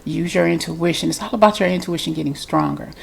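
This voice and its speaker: A woman's voice: sits low, fast, gravelly. A woman with a congested voice, giving a chatty, loose spiritual reading straight to her viewers. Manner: chatty, loose, repeats herself. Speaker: tarot reader.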